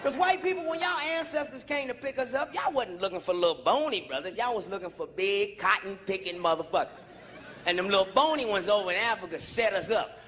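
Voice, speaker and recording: A male stand-up comedian on stage, profane and animated, shouting his punchlines. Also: high voice, fairly quick, background noise. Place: comedy stage before a live audience. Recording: live show with loud crowd laughter.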